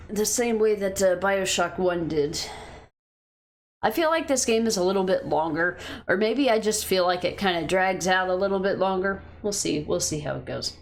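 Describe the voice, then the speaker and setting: A young woman from the United States chats loosely with her viewers while she streams a game. Her voice sits a little low for a woman, and she rambles, stops herself and restarts her thoughts. She talks into a headset mic. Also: unhurried. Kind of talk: casual chat with live chat.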